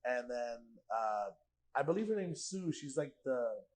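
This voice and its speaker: A man's voice: medium pitch, a little slow, a crowd in the background, low-quality recording. A man guest on a podcast telling a story casually, acting out quoted dialogue with lots of fillers and the odd swear. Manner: animated, acts out quoted dialogue, swears freely, heavy filler "like".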